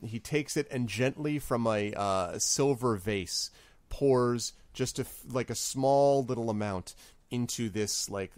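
A man narrating as game master in a relaxed, rambling way with many fillers. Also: on the low side, no echo.

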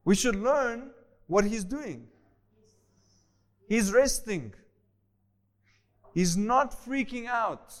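A male pastor preaching a sermon, animated, acting out the voices of people in the story and swinging from loud bursts to quiet asides. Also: extremely high pitch, extremely slow, long pauses. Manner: animated, acts out voices of the disciples and Jesus.

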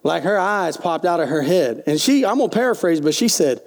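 A male pastor preaches in a high, gravelly voice. He talks folksy and direct, firing questions at the congregation. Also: lively intonation, fairly quick. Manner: folksy preaching with call-and-response. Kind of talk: sermon.

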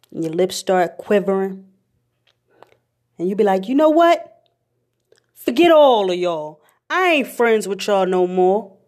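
A young woman hosting a podcast, telling comic stories in an animated, slangy, jokey way. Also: mid-range voice. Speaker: podcast host. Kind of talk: comedic storytelling monologue.

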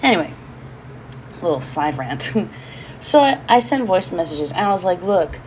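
A woman's voice: on the low side, sing-song, moderate pace, slight background noise. A woman from Hawaii, hosting a casual solo podcast from home, talking candidly, swearing freely and drifting into side rants. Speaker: podcast host.

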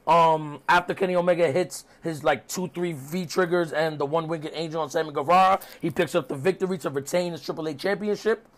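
A man talking through a recap in a loose, rambling, chatty way, as a podcast host. His voice sits a little on the high side for a man. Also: steady tone, fairly quick, hardly any pauses. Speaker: podcast host reviewing wrestling. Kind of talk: casual recap.

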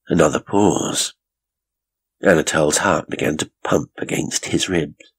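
A man reading a horror story aloud in slow, deliberate, hushed scripted narration. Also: extremely low pitch, steady tone, husky.

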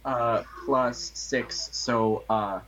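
A man running a tabletop role-playing game as game master, talking casually with many pauses and fillers. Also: medium pitch, steady tone, a bit bright, a little hiss or hum.

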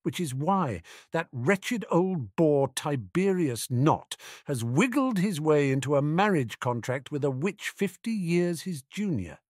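A man's voice: fairly high pitch, very animated, a little slow, hardly any pauses, darkish tone, dry recording, clean studio sound, pitched above the performer's own voice. A man voicing a sneering wizard schemer. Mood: scheming. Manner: sarcastic, disdainful. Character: irritable sarcastic male wizard schemer.

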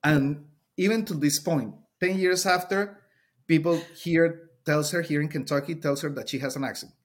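A man's voice: fairly high pitch, normal speed. A middle-aged man from Colombia, a Spanish speaker with a Colombian accent, talking earnestly as a teacher in an interview and often repeating words as he searches for them. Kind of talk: interview conversation.

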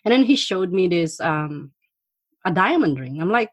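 A middle-aged woman telling stories from her past in a casual chat, animated and laughing often. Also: fairly low pitch, moderate pace, dry recording. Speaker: guest. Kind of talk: casual storytelling.

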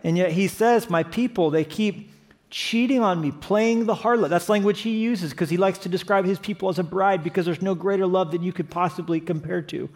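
Preaching fairly quickly, a male pastor with a slightly higher voice than most men delivers his sermon with fervor. Quiet, sincere passages give way to emphatic, rising exclamations, peaking in impassioned bursts.

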